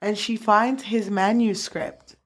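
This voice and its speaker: Woman co-host, lively storyteller, blunt cursing, mid pitch. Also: slow. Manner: animated storyteller, blunt and profane. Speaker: podcast co-host. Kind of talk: casual book chat.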